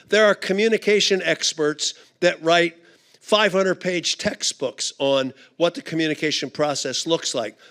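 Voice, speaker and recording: Animated storytelling man, high voice. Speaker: conference speaker. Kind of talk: humorous storytelling talk.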